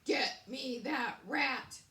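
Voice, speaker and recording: A woman's voice: high voice, extremely slow, pushed and bright, exaggerated voice. A woman voicing a storybook king who dotes on his wife and barks orders at guards, read aloud in a roomy space. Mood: commanding. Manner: doting, then barking orders. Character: fussing, commanding king. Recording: roomy echo.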